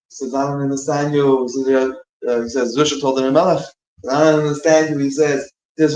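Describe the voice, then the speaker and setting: A man with a mid-range, darkish voice talks fairly quickly in a level tone. He's delivering a short, informal teaching between prayers in a synagogue room, rambling and restarting as he searches for words, and the room echoes.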